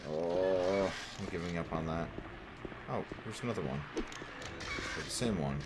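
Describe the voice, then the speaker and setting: A man with a very low voice gives loose, wisecracking commentary as he plays a horror game, chatting to the on-screen characters and cursing when he gets frustrated. A steady hiss of noise sits under his voice. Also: slow pace. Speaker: gameplay streamer. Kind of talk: casual let's-play commentary.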